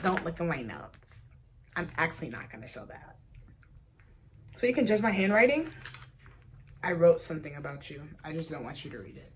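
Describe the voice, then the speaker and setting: A young adult woman from Africa talking candidly in a casual vlog, blunt and profane, jumping from loud outbursts to low mutters. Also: slight background noise. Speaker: vlogger.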